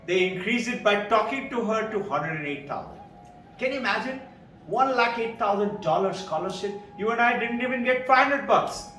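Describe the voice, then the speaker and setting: A man in his seventies from India with an Indian English accent, telling stories to a live audience as a spiritual speaker, acting out the voices of others and chuckling as he goes. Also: sits high. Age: 70s. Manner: animated, acts out quoted voices, chuckles. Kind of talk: storytelling talk to a live audience. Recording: echoey hall, distant mic, faint music.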